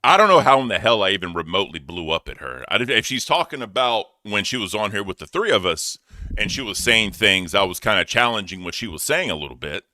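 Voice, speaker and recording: Low-voiced guy talking fast n blunt on a stream, bright tense tone, dry close mic. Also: no room sound. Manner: animated, loud and blunt, swears. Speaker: co-host. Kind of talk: casual chat.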